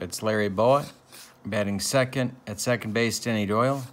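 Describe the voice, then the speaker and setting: A man hosting a tabletop baseball replay, narrating in a mock-serious sportscaster tone with deadpan jokes and a relaxed flow full of fillers. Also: lowish voice, moderate pace. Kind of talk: play-by-play style narration of a tabletop game replay.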